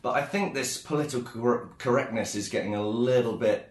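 A British man co-hosts a casual podcast in an easygoing, chatty way. His voice is mid-pitched. The room adds a noticeable echo. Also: fairly quick, crowd noise. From Britain. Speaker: podcast co-host. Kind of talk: casual chat. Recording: echoey room.

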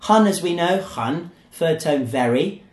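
A man hosting a podcast, his voice sitting a little high and swinging widely up and down as he jokes. He keeps things playful and teasing, and his words ring around an echoey room. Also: animated, unhurried. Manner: playful, teasing, leads the banter. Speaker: podcast host. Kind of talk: casual podcast chat.

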